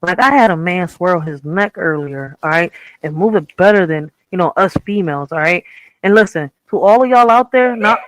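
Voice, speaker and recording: A woman's voice: fairly low pitch, expressive, moderate pace, dry recording, rough recording. A woman hosting a reaction stream, blunt and profane, ranting casually and checking in with the audience often. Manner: blunt, profane, keeps saying "all right?". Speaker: streamer host.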